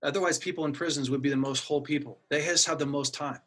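A man's voice: fairly high pitch, fairly even intonation, fast, fairly bright tone. A middle-aged man earnestly telling a personal story in casual conversation, acting out his own inner dialogue. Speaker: guest sharing a personal story.

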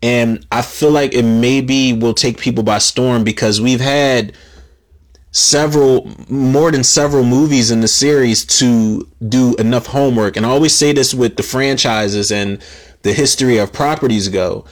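A man's voice: mid-range voice, normal speed. A man hosting a solo podcast, rambling casually, stammering over his words and swearing freely. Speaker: podcast host.

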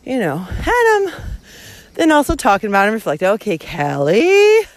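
A woman ranting into her phone as she walks an outdoor trail. Her voice swoops up and down with lively energy, and she swears constantly. She laughs often as she goes. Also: fairly high pitch, a little fast, no room sound. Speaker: vlogger. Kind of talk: casual walking vlog. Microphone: handheld phone.

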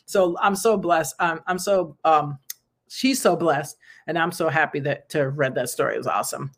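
Talking fairly quickly in a mid-range voice, a podcast host and nonprofit founder in their 30s leads a casual good-news conversation. It's rambling and chatty, laced with frequent laughs and fillers plus earnest, preachy asides.

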